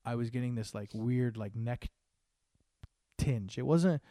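A man's voice: medium pitch, a little slow, mellow, dry recording, studio quality. A man co-hosting a podcast, joking around and rambling with lots of restarts. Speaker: podcast co-host. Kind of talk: casual podcast chat.

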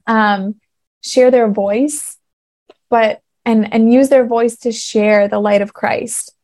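A woman's voice: on the high side, mellow. A woman in her thirties hosting her own faith podcast, telling her story in a casual, earnest way and getting emotional as she talks. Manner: emotional, earnest, laughing through tears. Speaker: podcast host.

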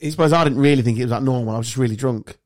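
A man's voice: medium pitch, very fast, darkish tone, no echo, clean studio sound. An English man hosting a podcast, telling anecdotes in casual chat, swearing freely and laughing often. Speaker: podcast host.

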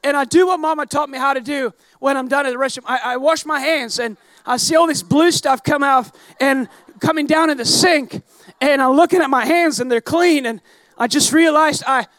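A man delivers a lively sermon in a strikingly high voice, laughing at himself as he tells a story. He breaks into shouts as the story builds. The sound is dry and close, with no room echo. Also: normal speed. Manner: animated, self-mocking, often shouting. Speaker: pastor. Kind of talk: storytelling sermon to a live audience.

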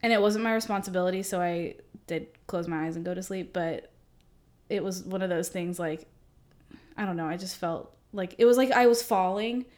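A woman's voice: fairly low pitch, normal speed. A young woman co-hosting a podcast, chatting casually, giggling and retelling her own stories with acted-out quotes. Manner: giggly, storytelling, animated retelling. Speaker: podcast co-host. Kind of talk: casual chat.

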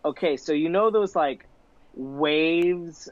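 A man's voice: fairly high pitch, takes it slowly, no echo. A young man in casual chat, telling stories full of "like" and swearing, laughing often. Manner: profane, laughing, animated storyteller with filler "like". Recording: dull lo-fi sound.

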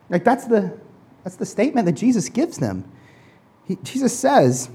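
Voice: medium pitch, warm tone. A pastor preaching a conversational sermon to a congregation, often restarting and repeating words, and acting out people's excuses in mock voices.

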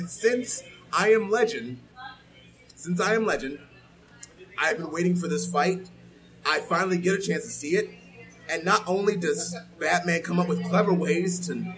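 A man in a casual comedic debate, arguing with animated exclamations. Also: a little high, poor audio. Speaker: debate participant.

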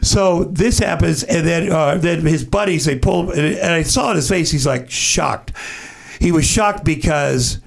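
Gravelly man telling a profane story. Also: on the high side, unhurried. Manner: animated, profane anecdote-telling; acts out other people's lines. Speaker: guest. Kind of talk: casual storytelling.

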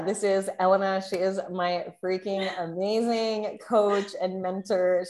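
A woman's voice: mid-range voice, a little mellow. Bubbly woman podcast host. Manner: gushing, laughs often. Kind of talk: casual podcast chat.

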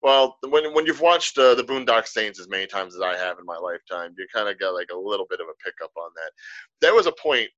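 A man co-hosting a podcast, chatting casually and telling stories in an animated way. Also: fairly low pitch, quick pace, no room sound, lo-fi sound. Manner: animated, storytelling. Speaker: podcast co-host. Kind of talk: casual conversation.

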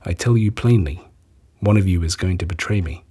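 A man voicing Jesus as a calm, solemn teacher, speaking in a measured way as he reads a gospel story aloud. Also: low voice, breathy edge.

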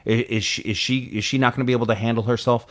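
A man co-hosting a casual political talk show, animated and quick to act out the people he quotes, with frequent restarts. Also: medium pitch. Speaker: podcast co-host.

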